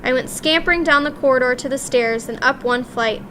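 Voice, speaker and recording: Bright-voiced woman reading a story aloud. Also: high voice, fairly quick, slight background noise. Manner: lively, expressive first-person telling. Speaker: audiobook reader. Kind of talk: storybook narration.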